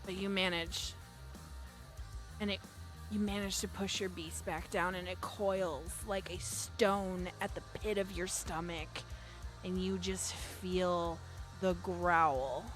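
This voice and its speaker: A woman's voice: on the low side, steady tone, slow pace, faint music behind. A woman running a tabletop game as game master, narrating playfully, laughing often, and swearing in mock outrage.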